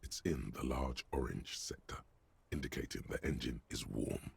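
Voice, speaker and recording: A very deep, husky, gravelly video game narrator, grave and measured, music faintly under it. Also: male voice, no echo, full character voice. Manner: slow, grave descriptive narration.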